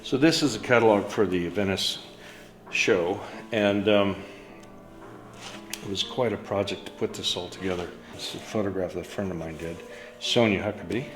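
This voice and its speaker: Painter, male, lowish voice, relaxed storyteller; roomy echo, faint music bed. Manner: unhurried, storytelling, trailing fillers. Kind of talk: reflective studio talk. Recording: echoey room with soft music.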